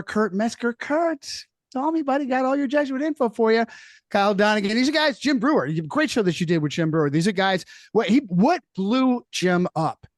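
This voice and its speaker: Emphatic high-voiced podcast guest man. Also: no room sound. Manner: emphatic, repeats points, adds "okay?". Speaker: guest author. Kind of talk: casual podcast chat.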